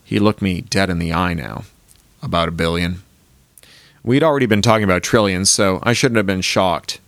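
A man's voice: low-pitched, a little fast, gravelly, fairly bright tone, no room sound. A man reading his own novel aloud with dry, wry first-person narration. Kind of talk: audiobook reading.

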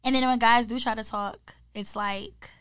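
A woman in her twenties co-hosting a podcast, telling stories in relaxed casual chat and filling her sentences with "like.". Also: a little high, moderate pace, clear, resonant tone, no echo, studio quality. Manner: chatty storyteller, leans on "like" as filler. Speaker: podcast co-host.

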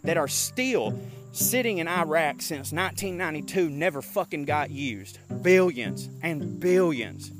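Man, casual profane rant, slightly high voice, phone recording outdoors, music playing behind. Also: measured pace. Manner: profane, animated, rambling. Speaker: podcast host. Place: walking outdoors in a park.

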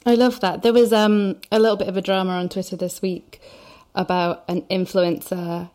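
A woman hosting a casual conversation, talking in a relaxed, quick way with casual fillers. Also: mid-range voice. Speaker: podcast host.

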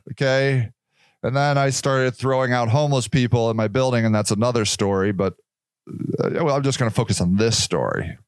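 A man's voice: medium pitch, no room sound. A man hosting a podcast, telling a story in a rambling, casual monologue, swearing freely and stumbling over repeated words. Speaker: podcast host.

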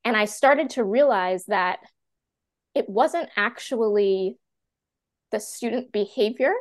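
A woman in her thirties, a teacher and classroom coach, telling her story as a podcast guest in a chatty, animated way full of "like" fillers. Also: fairly high pitch, slow pace. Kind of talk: candid personal storytelling in a podcast interview.

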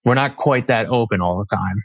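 A young man as an interview guest, speaking earnestly and reflectively with halting phrasing. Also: lowish voice, no room sound, lo-fi sound. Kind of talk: conversational interview.

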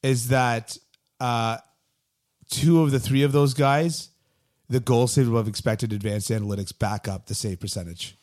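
A man's voice: medium pitch, steady tone, normal speed, a little mellow. A man with a mid-range voice talks through stats on a casual podcast. His delivery is wry and analytical, and he drops in dry jokes along the way. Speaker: podcast co-host. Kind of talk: casual chat.

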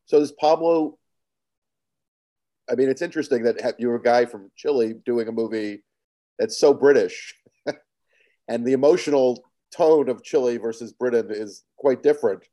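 Male interviewer, mellow mid-pitch voice, jokey and easy, laughs a lot. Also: normal speed, long pauses. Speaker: interviewer, podcast host. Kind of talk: conversational interview.

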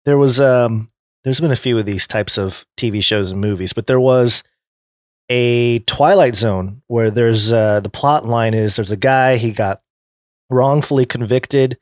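A man's voice: medium pitch, measured pace, no room sound. A man co-hosting a casual podcast, making dry quips and laughing along. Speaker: podcast co-host.

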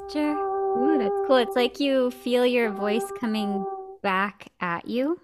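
A woman co-hosting a podcast over a video call, talking in a gentle, reflective way with easy giggles. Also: a little high, slow, over loud music.

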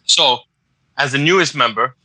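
A man's voice: mid-range voice, normal speed, bright, forceful tone, no room sound, low-quality recording. A man co-hosting a podcast, chatting casually in slangy speech. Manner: laid-back storytelling with slang and cursing. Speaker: podcast co-host.

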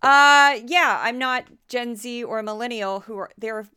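A middle-aged woman from the American Midwest hosts a podcast in a loose, conversational way, full of dry asides and jokes at her own expense. Her voice sits a little high and sounds smooth and resonant. She keeps a wry, informal tone throughout. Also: a little slow, bright, forceful tone. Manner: chatty, wry, self-deprecating asides. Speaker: podcast host. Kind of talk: casual podcast commentary.

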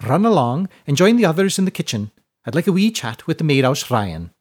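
A man's voice: a little high, big pitch swings, fairly quick, a little mellow, voice pushed up. A man voicing a plump, cheerful older widow who runs a school, gushing and rolling her R's. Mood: bossy cheerful.

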